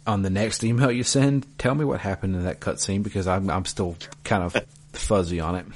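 A man's voice: sits low, steady tone, a little fast, slight background noise. A man hosting a casual podcast, reading listener emails aloud with dry asides.

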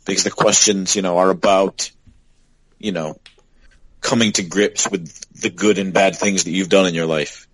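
A man's voice: low voice, fairly even intonation, normal speed, slight background noise, low-quality recording. A man co-hosting a podcast in casual chat, talking thoughtfully and asking reflective questions. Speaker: podcast co-host.

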